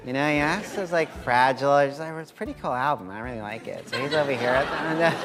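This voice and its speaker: A man's voice: medium pitch, animated, quick pace, fairly bright tone, faint music behind. A man chatting on a talk show, amused and rambling, laughing often. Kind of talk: casual chat. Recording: studio audience and noise behind.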